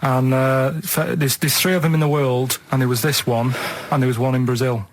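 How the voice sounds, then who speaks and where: A man, chatting on a radio show in a deadpan, rambling, hesitant way. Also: medium pitch, moderate pace, no echo. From Manchester, England. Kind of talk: casual radio chat.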